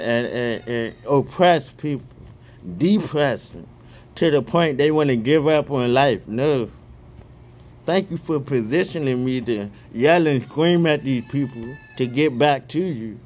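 Slow, fervent man praying and reading aloud. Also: mid-range voice. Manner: excitable, stumbles and repeats words; reads punctuation marks aloud. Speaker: online Bible reader.

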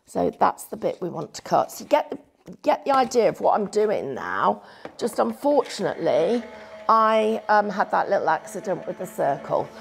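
A woman's voice: mid-range voice, very animated, moderate pace, vocal fry, a little hiss or hum. A woman giving a live crafting demonstration, chatty and self-deprecating, thinking aloud as she works.

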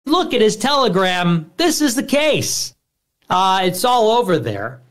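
A man speaking in loose livestream chat with a somewhat high voice. His pitch moves a great deal, and he pauses on fillers while pressing his point. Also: sing-song, a bit bright. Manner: hesitant, filler-heavy, insistent. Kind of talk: casual livestream talk.

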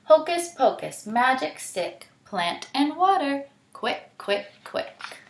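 A sly, lazy male spider trickster from a storybook, voiced by a woman, drawling and showing off. His voice climbs and dips a lot. A gravelly edge and a roomy echo hang around him. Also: high-pitched, sing-song, takes it slowly, voice pushed up, full character voice. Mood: chanting.

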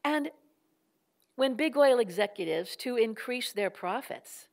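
A woman's voice: a little high, lively intonation, a little slow, gravelly, a little mellow. An older woman giving a public lecture, impassioned and building her points through rhetorical questions and repetition.

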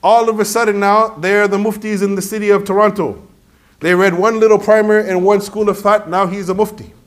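A man's voice: high-pitched, level tone, a little fast. A man delivering a sermon, telling stories with emphasis and dropping in Arabic phrases. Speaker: preacher.

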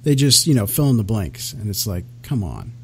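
A man chatting in an interview in a lively, amused way. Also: lowish voice, brisk, husky. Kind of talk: casual interview talk.

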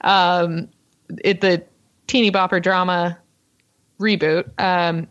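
Fast-talking woman podcast co-host. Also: on the low side, flat delivery, fairly bright tone, lo-fi sound. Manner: fast-talking, lots of ums and uhs. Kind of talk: casual podcast storytelling.

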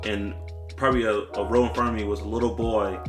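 A man co-hosting a podcast in casual chat, animated, laughing often and acting out what people said. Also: fast talker, music in the background. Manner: animated, acts out quotes in a high voice, laughs often. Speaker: podcast co-host.

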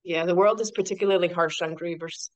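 A woman guest on a podcast talks in a slightly low voice. She sounds emphatic and animated, driving her points home with rhetorical questions. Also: brisk. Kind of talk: casual interview chat.

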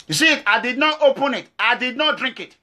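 A man's voice: extremely high pitch, lively intonation, a little fast, bright, forceful tone. A middle-aged man from Nigeria with a Nigerian accent, giving an impassioned, emphatic monologue to camera, repeating himself and firing off rhetorical questions. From Nigeria, Edo State. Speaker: activist.

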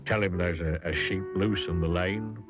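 A man's voice: sits low, steady tone, moderate pace, voice pushed down, lightly acted. A man voicing a polite, slightly hesitant village policeman in a storybook, over a dull lo-fi recording with music behind.

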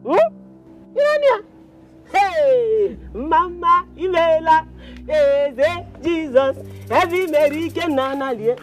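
A boisterous Nigerian mother, played by an actress bursts out in song and shouts. Her voice is high and swings widely. A faint film score plays under her. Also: very animated, moderate pace, faint music behind. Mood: jubilant. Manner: boisterous, singing and dancing, shouting. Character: loud jubilant Igbo mother, middle-aged. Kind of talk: Nollywood film acting.

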